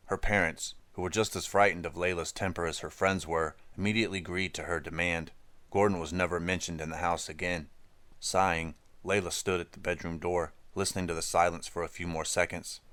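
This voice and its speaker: A man narrating an audiobook in an even, measured storytelling manner. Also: sits low, clear, resonant tone, no echo.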